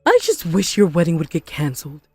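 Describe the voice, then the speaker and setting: A woman voicing a spiteful, possessive mother-in-law in an animated story, scornful and melodramatic. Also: low voice, brisk, over music, exaggerated voice. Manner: scornful, melodramatic, self-pitying.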